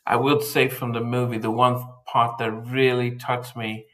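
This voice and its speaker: A man co-hosting a casual podcast chat, halting and repeating words as he thinks aloud. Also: mid-range voice, flat delivery, fairly bright tone, low-quality recording.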